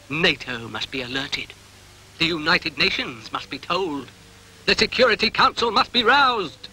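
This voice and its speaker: A man's voice: mid-range voice, bright, forceful tone, slight background noise, poor audio. A man with an English accent voicing a grumpy, pompous shaggy male dog who makes indignant speeches.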